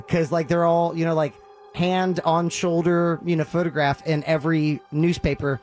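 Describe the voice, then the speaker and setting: A man hosting a podcast, casually retelling a story with lively acted-out quotes and loose fillers. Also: fairly high pitch, normal speed, soft background music. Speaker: podcast host.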